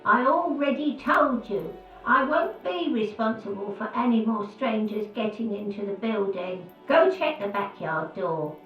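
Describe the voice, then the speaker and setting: A woman voicing a scolding old woman shouting through a door in a video game. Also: on the high side, lively intonation, unhurried, few pauses, roomy sound, highs cut off, soft background music. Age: older. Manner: scolding, mocking. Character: cackling old woman behind a locked door.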